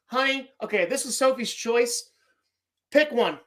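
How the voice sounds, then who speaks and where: A man hosting a podcast who rants about movies in an excitable, profanity-heavy way. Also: very high voice, a little slow, long pauses. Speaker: podcast host. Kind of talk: casual movie-ranking rant.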